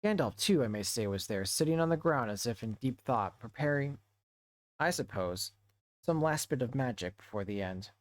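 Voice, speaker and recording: A man streaming to a book club, reading a novel aloud in a halting way and often correcting himself. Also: mid-range voice, expressive, no echo. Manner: halting read-aloud with frequent self-corrections.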